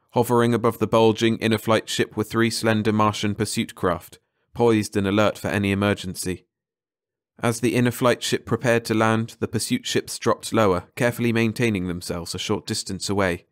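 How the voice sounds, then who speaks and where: A male audiobook narrator with a low voice reads a short story in a measured, dramatic manner. The recording is close and dry, with no room sound. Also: fairly even intonation, no echo.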